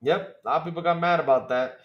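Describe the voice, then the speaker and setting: A man's voice: fairly high pitch, quick pace, muffled recording. A man hosting a casual podcast, chatting loosely, repeating himself, swearing and laughing often. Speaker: podcast host. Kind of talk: casual livestream chat reacting to chat comments.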